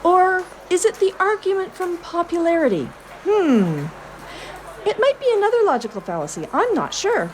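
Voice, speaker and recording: A woman's voice: extremely high pitch, big pitch swings, normal speed, a little hiss or hum, voice pushed up. A woman playing an upbeat, know-it-all version of herself in a comedy skit. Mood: lecturing. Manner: bouncy, playful skit acting.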